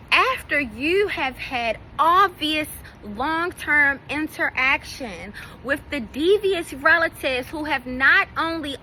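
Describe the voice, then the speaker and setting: A high, bright-voiced woman tells a personal story straight to her viewers. She talks bluntly and swears freely, with an indignant edge, and a faint hum sits behind her. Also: rough recording. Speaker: vlogger. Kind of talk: casual storytime rant.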